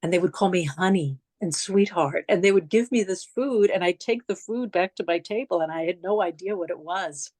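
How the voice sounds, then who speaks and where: A woman's voice: lowish voice, moderate pace, few pauses, darkish tone, dry recording. A middle-aged woman with a New York accent, giving a memorial lecture as conversational, reflective personal storytelling with slides. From New York City. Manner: conversational, reflective, frequent restarts and asides.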